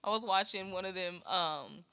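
Bright-voiced emphatic woman co-host. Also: lowish voice, normal speed, gravelly, smooth, dry recording. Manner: emphatic, profane, groans for effect. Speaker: podcast co-host. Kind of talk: casual chat.

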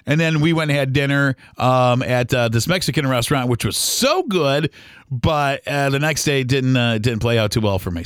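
A man hosting a podcast, telling a travel story in a casual, rambling way with lots of fillers and restarts, and getting animated when he quotes people. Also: medium pitch, no echo, clean studio sound. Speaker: podcast host.

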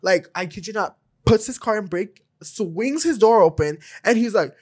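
A young woman sits in as a guest, spinning a story in loose, casual talk. She swears freely and slips into the voices of the people she describes. Her pitch sits in the middle of the range. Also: moderate pace. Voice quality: animated, swears freely, acts out quotes. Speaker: podcast guest.

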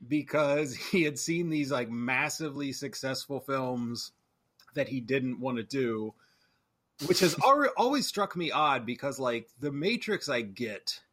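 Man, bright voice, casual movie podcast host, rambling, self-correcting. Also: mid-range voice, animated, a little slow.

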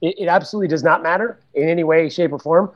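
A man's voice: a little high, fast talker, lo-fi sound. A man co-hosting a casual podcast chat, joking with stammering asides. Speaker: co-host.

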